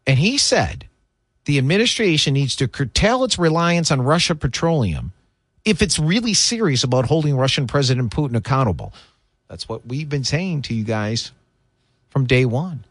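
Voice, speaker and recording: Animated, indignant man. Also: medium pitch, normal speed, slightly rough, dry recording. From United States. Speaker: political talk radio host. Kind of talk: opinionated political commentary.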